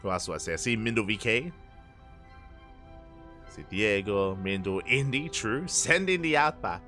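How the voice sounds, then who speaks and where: A man with a lowish voice calls a live match in the small hours, worn out and slurring his words a little. He chats away with the audience and keeps repeating his hype catchphrases. Soft music plays faintly underneath. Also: animated, moderate pace. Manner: chatty, hypes with repeated catchphrases. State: tired, late at night. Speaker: esports caster. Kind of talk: live game commentary.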